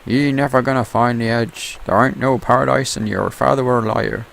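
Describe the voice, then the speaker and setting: A man voicing a villainous pirate captain in a slow, drawling, rustic way. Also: mid-range voice, creaky, a bit bright, voice pushed up. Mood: taunting. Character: gruff rural-sounding villain pirate captain.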